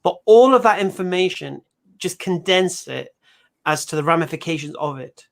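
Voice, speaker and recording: A man hosting a livestream discussion, talking in an animated way and telling stories full of voiced quotes. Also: high voice, moderate pace, gravelly. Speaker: host. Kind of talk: livestream debate chat.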